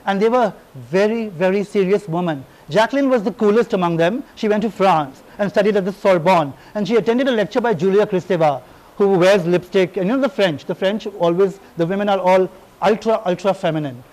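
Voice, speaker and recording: A man from India giving a public lecture, animated and irreverent, with digressive storytelling. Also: high-pitched, fairly quick, poor audio.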